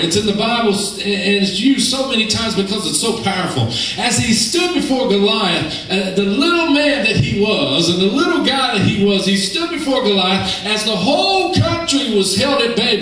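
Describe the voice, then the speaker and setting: A high-voiced man preaching an impassioned sermon, slipping into the voices of biblical figures as he tells the story. He is picked up from across a church sanctuary, so the sound comes through a heavy, ringing echo. A faint hum of the room sits behind him. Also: expressive, normal speed, fairly bright tone. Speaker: pastor. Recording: roomy, distant church recording.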